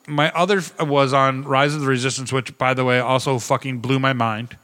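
Bright-voiced man telling profane stories. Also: mid-range voice, fairly quick. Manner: profane, animated storytelling. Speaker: podcast co-host. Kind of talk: casual chat.

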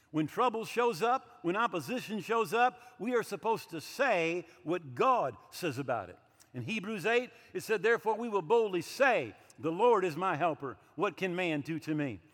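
A man's voice: high-pitched, fairly bright tone, in a large hall. A man in his sixties preaching a sermon emphatically, with light humorous asides. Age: 60s. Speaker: pastor.

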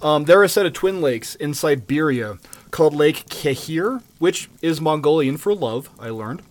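A man's voice: on the high side, lively intonation, moderate pace. Joking, profane male podcast host. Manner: loose, profane, joking with lots of fillers. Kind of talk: casual chat, storytelling.

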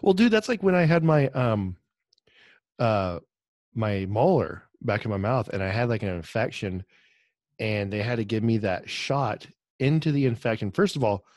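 A man's voice: on the low side, lively intonation, normal speed, a little mellow, dry recording. A man co-hosting a podcast in casual chat, joking and chiming in with quips and his own story. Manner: joking banter, chimes in with quips. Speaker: podcast co-host. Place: on a video call.

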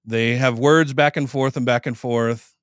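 A man's voice: mid-range voice, fairly even intonation, a little slow, smooth, no echo, studio quality. A man hosting a podcast, casually retelling a court case in a conversational, profane way and briefly acting out the people he quotes. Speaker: podcast host.

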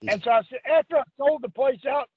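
An older man calls in over a tinny phone line. His voice sits high and husky. He rambles through stories, acting out the other people's lines and breaking into laughs. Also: quick pace, no room sound. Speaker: interview guest, former wrestler. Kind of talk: storytelling anecdote.

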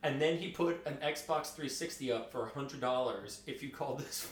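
A man telling casual anecdotes as a podcast co-host, animated and quick to act out quotes. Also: medium pitch, reverberant, slight background noise. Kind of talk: casual storytelling.

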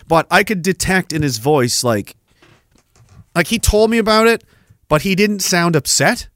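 A man's voice: fairly high pitch, sing-song, normal speed, a bit bright, no echo. A man hosting a live stream, chatting casually in a rambling, profane way and laughing often. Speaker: podcast host. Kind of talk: casual livestream chat.

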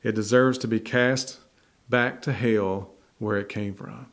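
A man's voice: lowish voice, fairly even intonation, measured pace. A man preaching a folksy sermon that builds to emphatic repetition. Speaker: pastor. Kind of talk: sermon with storytelling.

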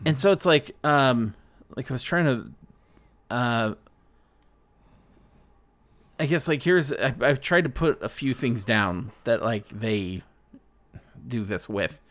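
A male podcast host chats casually about a film. His pitch swings around lively as he goes, and he meanders through his points with plenty of likes and ums. The talk is loose and unscripted. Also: takes it slowly, long pauses. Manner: meandering, full of likes and ums, acts out quotes. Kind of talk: casual chat reviewing a movie.

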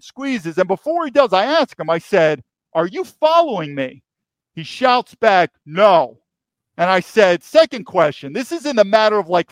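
A high-pitched man from New York, appearing as a podcast guest, tells a story emphatically in an interview, repeating key phrases. The recording is dry.

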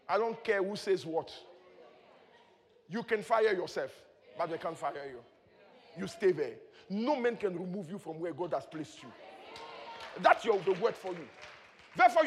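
A man with a very high voice preaches a sermon, dropping low to teach and then rising to loud shouted praise. He chuckles between phrases. His voice rings through a long hall reverb. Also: expressive, normal speed, pauses often.

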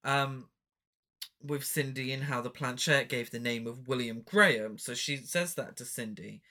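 A podcast co-host recapping a film in casual chat, chatty and full of quick questions and asides. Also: medium pitch, bright, forceful tone.

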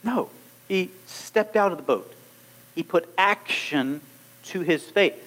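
Lively high-voiced male preacher. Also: slow pace. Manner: animated, acts out little scenes and voices. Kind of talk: sermon.

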